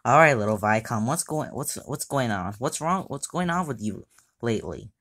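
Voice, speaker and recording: A woman voicing a calm, patient logo character who talks a tantrum kid down with soothing, hesitant reasoning in an amateur skit. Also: extremely low pitch, moderate pace, full character voice.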